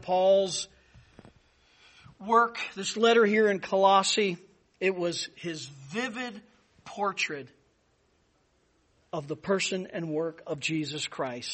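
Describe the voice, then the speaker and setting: A man's voice: high-pitched, fairly bright tone. A man preaching a Bible-study sermon, emphatic, with repeated phrases that build in force. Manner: emphatic, repeats key words, rises for stress. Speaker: pastor. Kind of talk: expository sermon.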